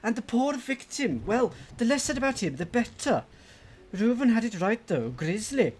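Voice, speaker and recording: A man's voice: extremely high pitch, expressive, brisk, darkish tone, pitched above the performer's own voice. A man voicing a chatty middle-aged woman investigator, with a theatrical, gossipy put-on accent that keeps slipping.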